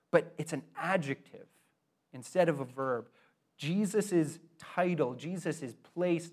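A young adult man preaching a sermon in an earnest, conversational way, with emphatic swells. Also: medium pitch. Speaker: pastor.

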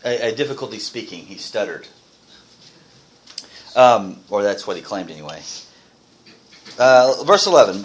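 A man's voice: lowish voice, animated, measured pace, long pauses, low-quality recording. A man teaching a Bible study class, asking his group questions and reading verses aloud.

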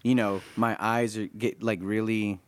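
A man's voice: fairly low pitch, little pitch movement, unhurried. Hesitant, stammering man podcast co-host. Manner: hesitant, stammers and repeats words. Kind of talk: casual chat.

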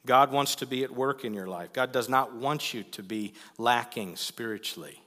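Guy preaching, earnest and pleading, bright voice bouncing around a big echoey church. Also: mid-range voice, normal speed. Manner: earnest, pleading, builds to loud emphasis. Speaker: pastor. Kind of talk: sermon. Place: church sanctuary.

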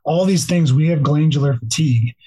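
A man's voice: a little high, fairly quick, dark tone, slightly rough, poor audio. A man who works in law enforcement, a podcast interview guest who explains earnestly and often repeats himself as he talks.

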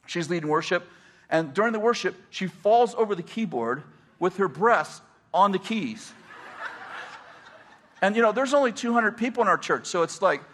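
A middle-aged man, a pastor, telling stories in a casual, animated way and laughing often as he talks. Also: high-pitched, normal speed. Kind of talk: casual storytelling.

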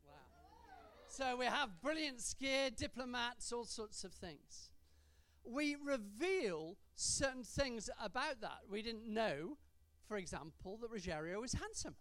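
Slow, lively woman preaching. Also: on the high side, a little hiss or hum. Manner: lively, drawn-out emphasis on key words, gentle humour. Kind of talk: sermon. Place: church.

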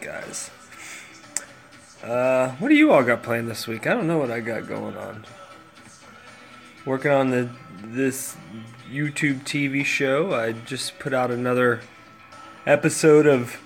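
Gravelly-voiced tired male host, loose distracted solo chat, faint music bed. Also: medium pitch, fairly bright tone. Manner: rambling, distracted, talks to his cats. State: tired, yawning. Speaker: podcast host.

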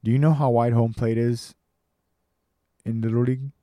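A man's voice: medium pitch, steady tone, moderate pace, dark tone, no echo, clean studio sound, close to an everyday voice. A man voicing an irascible 78-year-old baseball coach who barks questions at a crowd of coaches. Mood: gruff lecturing. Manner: barking, bellowing questions at a crowd.

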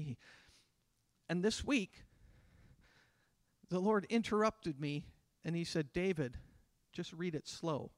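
Preaching a sermon in church, a pastor in his fifties keeps a conversational tone, with a fairly high voice, a slow pace and frequent pauses. To act out small scenes he switches to softer voices; the sound is dry and close, with no echo.

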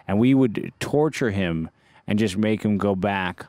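A man's voice: on the low side, a little slow, a little mellow, no room sound, clean studio sound. A man co-hosting a podcast in casual chat, jumping in with questions. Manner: inquisitive, jumps in with questions. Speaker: podcast co-host.

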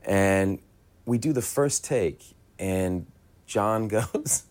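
A man's voice: sits low, extremely slow, clean tone. A man telling a story about a film set, acting out the other people in it. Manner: animated, mimics others' voices. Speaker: actor telling an anecdote. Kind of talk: storytelling on a talk show.

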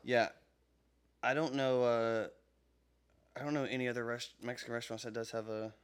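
A man co-hosting a podcast in casual chat, rambling and swearing, with sudden loud outbursts, recorded in a podcast studio. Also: mid-range voice, level tone, normal speed. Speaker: podcast co-host.

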